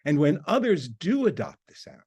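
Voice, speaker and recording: A man, a university lecturer, reading a prepared academic talk in a measured, formal way. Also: fairly high pitch, very animated, darkish tone, slightly rough.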